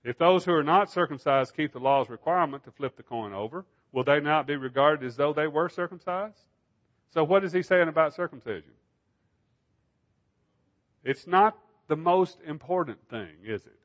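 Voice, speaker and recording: A man with a somewhat high voice preaches with emphasis and keeps asking rhetorical questions. The recording sounds dull and lo-fi. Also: moderate pace, a bit bright. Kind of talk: sermon.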